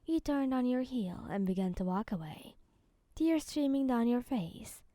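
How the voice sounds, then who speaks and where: A woman narrating a second-person fan story in a soft, calm, even reading voice. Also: fairly high pitch, measured pace, dry recording, studio quality.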